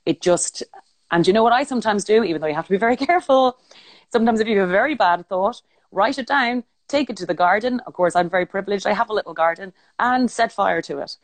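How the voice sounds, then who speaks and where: An Irish woman chatting as a podcast guest, giggly and quick to interrupt herself. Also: medium pitch, lively intonation, dry recording. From Ireland. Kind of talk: casual chat. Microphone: remote live stream mic.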